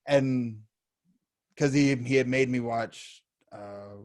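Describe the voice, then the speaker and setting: A man co-hosting a podcast takes his time, telling stories in casual chat. He acts out what others said with lively, big pitch jumps. The sound is clean studio quality with no echo.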